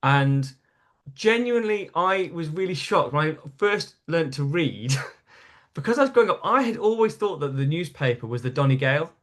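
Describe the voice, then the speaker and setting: A man with a Geordie accent, a comedian guest telling stories in lively casual chat and laughing at his own tales. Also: on the high side, normal speed. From North East England.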